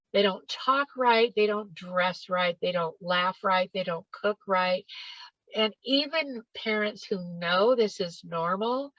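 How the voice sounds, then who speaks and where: A woman's voice: medium pitch, a bit bright, no room sound. A middle-aged woman, a parenting educator, giving a workshop talk to parents over a video call, emphatic and repeating words for stress. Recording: dull lo-fi dry sound.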